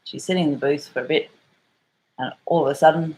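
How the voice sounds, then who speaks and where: A woman's voice: low-pitched, fairly even intonation, brisk, darkish tone, poor audio. Chatty middle-aged Australian woman vlogger. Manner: chatty and rambling, with frequent swearing and slang. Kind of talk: casual storytelling vlog.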